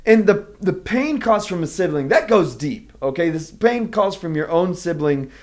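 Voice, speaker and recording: A man's voice: high-pitched, expressive, normal speed. A man preaching a sermon as pastor, earnestly explaining a Bible story to his listeners. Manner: earnest, emphatic teaching, explaining a Bible passage.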